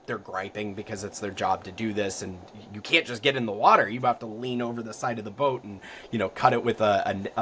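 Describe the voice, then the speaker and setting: On the low side, with a little hiss or hum in the recording, a young Floridian podcast guest spins rambling, casual stories. He fills them with ums and likes and gets lively when things get exciting.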